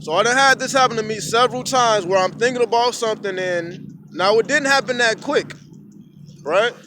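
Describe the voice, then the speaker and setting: Outdoors at sunrise, a vlogger holds his phone camera at arm's length and rambles through stories in a casual monologue, swearing as he goes. His voice sits high and moves at a moderate pace, with background noise behind it. The storytelling is animated and profane.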